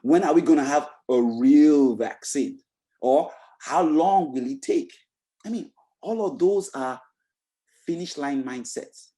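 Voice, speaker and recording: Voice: mid-range voice, lively intonation, slow, dark tone. A motivational speaker giving a webinar talk over a video call, emphatic and repetitive, with many rhetorical questions and frequent restarts. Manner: frequent restarts and "you know" fillers.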